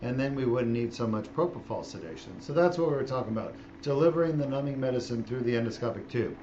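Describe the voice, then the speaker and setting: A man's voice: mid-range voice, lively intonation, quick pace, dark tone, lo-fi sound. A middle-aged man, a spine surgeon, explaining his work in a casual, joking way while he operates. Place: operating room.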